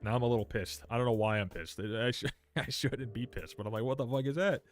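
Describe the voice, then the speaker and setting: Young male game streamer, lowish voice, loose and profane, faint music underneath. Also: quick pace. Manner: swears freely, reacts loudly, reads patch notes aloud. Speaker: livestreamer. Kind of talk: casual live game stream.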